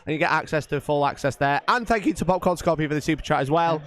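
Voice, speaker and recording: A man hosting a live tabletop wargame stream, excitable as he thanks supporters and banters about the game. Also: on the high side, quick pace, smooth. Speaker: stream host and commentator.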